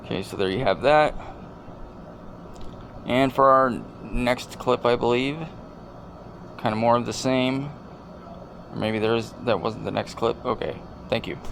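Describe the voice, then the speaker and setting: A man hosting a video and commenting casually over clips in a deadpan, rambling, joking way. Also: mid-range voice, unhurried, creaky, long pauses, a little hiss or hum. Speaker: video host.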